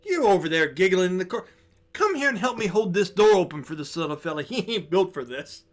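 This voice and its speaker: A man voicing a loud, bossy, motherly innkeeper woman in a tabletop game. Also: high voice, very animated, a little fast, soft background music. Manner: loud, brassy and teasing.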